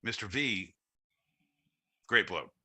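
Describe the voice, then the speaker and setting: Brash, bright-voiced podcast host man. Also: fairly low pitch, animated, takes it slowly, husky. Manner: loud, rambling, profane joking. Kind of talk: casual live-stream banter.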